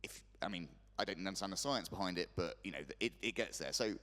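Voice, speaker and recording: A man's voice: sits low, fast talker, a bit bright. A man moderating a conference panel in a rambling, jokey way, with many restarts. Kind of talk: panel discussion. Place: conference hall. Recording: long hall reverb.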